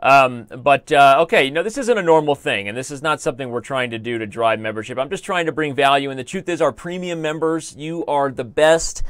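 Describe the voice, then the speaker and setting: Joking American chess streamer, dry sound. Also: male voice, medium pitch, fairly quick, hardly any pauses, a bit bright, clean tone, dry recording. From United States. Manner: joking, rambling, talks to chat. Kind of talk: live chess stream commentary.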